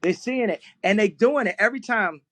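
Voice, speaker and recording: High-voiced man rambling in an audio chat room. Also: lively intonation, fairly bright tone. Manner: rambling, breaks into laughter, quick tangents. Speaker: guest speaker. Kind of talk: casual live audio-room talk. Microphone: phone in an online audio chat room.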